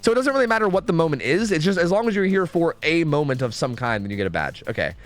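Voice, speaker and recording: A man's voice: a little high, very animated, fast talker. A young man streaming a game, rambling to his chat, swearing and second-guessing himself. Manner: rambling, self-questioning, swears freely. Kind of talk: casual gaming stream chat.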